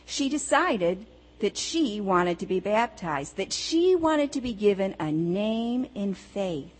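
A woman preacher telling a story within a sermon, measured and earnest, posing rhetorical questions. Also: mid-range voice, very animated, long reverb tail, rough recording. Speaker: pastor or preacher.

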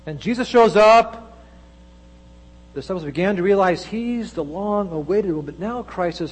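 A man preaching a sermon, with dramatic delivery that swings between loud emphasis and hushed low asides. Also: expressive, moderate pace, slight background noise, low-quality recording.

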